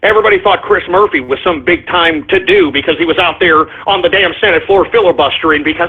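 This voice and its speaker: Angry guy ranting on talk radio, tinny phone-line sound, raspy voice. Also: a little high, quick pace, few pauses. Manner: angry, profane, shouting rant. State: furious.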